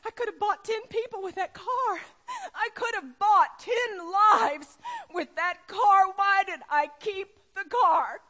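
A woman's voice: sits high, lively intonation, measured pace, pauses often, mellow, voice pushed up. A woman voicing a remorseful older man who weeps and cries out in anguish. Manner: anguished, crying out.

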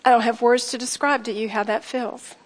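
A woman's voice: a little high, fairly even intonation, brisk. Earnest middle-aged woman in a reverberant hall. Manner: earnest and heartfelt, addresses listeners directly. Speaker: speaker sharing a personal testimony. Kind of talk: emotional personal testimony to an audience.

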